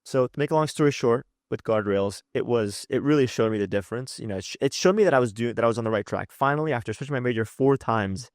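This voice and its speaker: A man in his late twenties telling his personal story in a casual, animated, rambling way, full of "like" and restarts. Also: medium pitch, quick pace, few pauses, no echo, clean studio sound. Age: late 20s. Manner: animated, rambling, heavy use of "like". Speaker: health coach and channel host.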